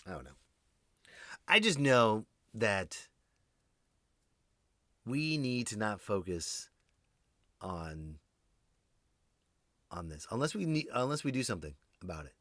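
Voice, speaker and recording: A man hosting his own podcast, rambling through a jokey monologue that swings between loud outbursts and muttered asides. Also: fairly low pitch, big pitch swings, slow pace, pauses often, dry recording, clean studio sound. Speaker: podcast host. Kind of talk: comedic solo podcast monologue.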